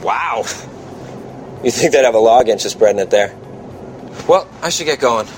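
A man's voice: mid-range voice, lively intonation, normal speed, slight background noise, lightly acted. A man playing a scornful character in a radio drama clip.

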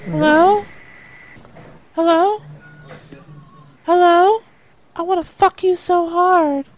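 A man's voice: very high-pitched, steady tone, takes it slowly, pitched above the performer's own voice. A man putting on the voice of a coy fourteen-year-old girl on a prank internet call. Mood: crude shouting.

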